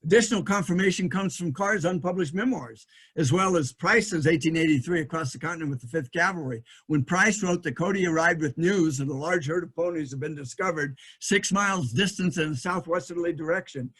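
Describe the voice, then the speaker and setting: Brief: middle-aged male lecturer, voice a touch high, halting delivery with many ums and restarts. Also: fairly bright tone, slightly rough. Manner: thinking aloud, frequent fillers and restarts. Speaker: historian giving a lecture. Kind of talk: lecture presentation with slides.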